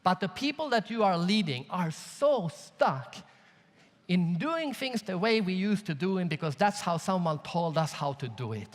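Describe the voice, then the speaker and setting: Animated man speaking in a big hall. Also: high-pitched, normal speed. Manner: animated storytelling with audience questions. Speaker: keynote speaker. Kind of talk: live conference keynote. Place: large conference hall. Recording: long reverb of a large hall.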